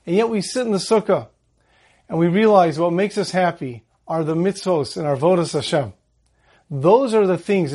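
A man with a high-sitting voice gives a holiday Torah talk, telling a story calmly and slowing down when he reaches the Hebrew verses.

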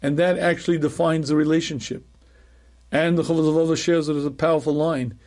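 A middle-aged man, a rabbi, teaching a class in a measured, emphatic way, repeating key phrases and often clearing his throat. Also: on the high side, steady tone, darkish tone. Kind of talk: recorded Torah lecture.

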